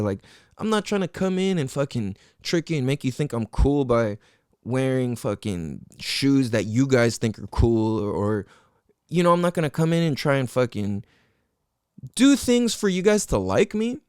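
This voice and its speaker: A young man talks straight into a close mic on his solo podcast, his pitch leaping up and down as he gets worked up. He swears freely, leans on slang and acts out bits of conversation in other voices. The sound is dry, with almost no room around him. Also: dry recording. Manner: animated, profane, slangy, acts out quotes of friends. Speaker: podcast host. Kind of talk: casual solo podcast monologue.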